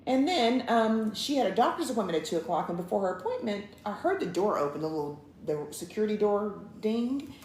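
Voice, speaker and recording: A woman co-hosting a couples show, chatting to viewers as she tells a long story. She acts out each line of dialogue, and her pitch jumps all over. The room is echoey, with a faint hiss behind her. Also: very animated, fairly quick, darkish tone. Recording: roomy, with faint background noise.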